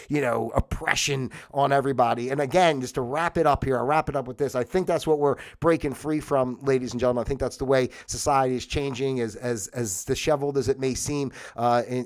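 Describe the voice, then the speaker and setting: A man hosting a livestream, ranting in a heated, rambling, profane monologue. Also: mid-range voice. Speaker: livestream host.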